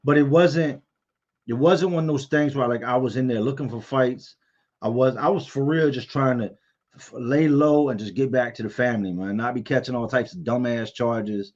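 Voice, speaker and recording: A man's voice: medium pitch, moderate pace, a little mellow, muffled recording. Candid man telling stories on a livestream. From Virginia, US. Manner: candid, storytelling, reads out viewer comments. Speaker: livestream host answering viewer chat. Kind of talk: casual livestream chat.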